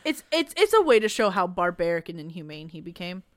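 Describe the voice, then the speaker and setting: Animated young woman in casual book chat. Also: lowish voice, dry recording, studio quality. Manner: animated, emphatic, quick to laugh. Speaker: podcast co-host.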